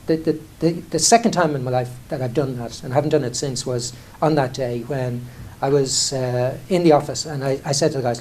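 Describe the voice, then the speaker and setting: A man's voice: mid-range voice, a little fast, few pauses, a little mellow, a little hiss or hum. A middle-aged Irish man, an airline chief executive, telling candid, self-deprecating stories in a conversational way, full of restarts and "you know". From Ireland. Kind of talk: candid anecdotal talk on stage.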